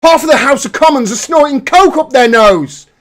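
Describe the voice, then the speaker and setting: This livestream host and political commentator has a very high-pitched, expressive voice at normal speed. He delivers an angry, heated rant full of frequent profanity.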